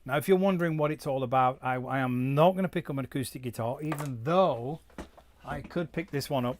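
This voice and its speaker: A man's voice: mid-range voice, no room sound. A middle-aged man, a musician hosting his own live stream, chatting in a rambling way and reading out viewer comments. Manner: rambling, reads chat comments aloud, drops into German. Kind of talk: casual live-stream chat.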